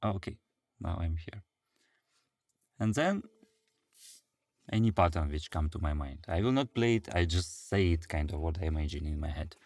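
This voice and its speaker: Russian guy with a really low voice teaching handpan, chill and rambly, sounds dry and close. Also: normal speed, pauses often, a little mellow, dry recording. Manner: non-native English, hesitant fillers, vocalizes rhythms. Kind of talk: casual music lesson.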